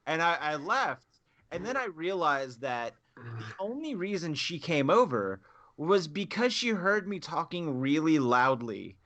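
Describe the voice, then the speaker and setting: A man's voice: a little high, a little slow, slight background noise. A man in his thirties, a podcast co-host, telling a story in casual chat and acting out both sides of the exchange. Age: 30s. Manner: animated, acts out both sides of his anecdotes.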